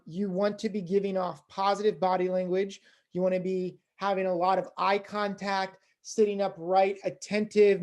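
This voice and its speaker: In this informal lecture on fundraising, the instructor's mid-range voice is peppered with casual fillers. The pace quickens and the volume rises whenever they get excited.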